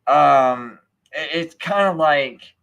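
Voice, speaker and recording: A man's voice: fairly high pitch, slow pace, vocal fry, fairly bright tone. A man hosting a live stream, ranting in a casual, sarcastic and scornful way, often slipping into mocking impressions of other people. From United States. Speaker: livestream host.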